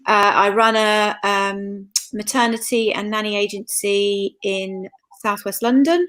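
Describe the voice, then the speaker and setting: Slow, hesitant middle-aged woman. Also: medium pitch, fairly even intonation, a bit bright. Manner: hesitant, many fillers. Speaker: guest, nanny agency owner. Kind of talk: self-introduction.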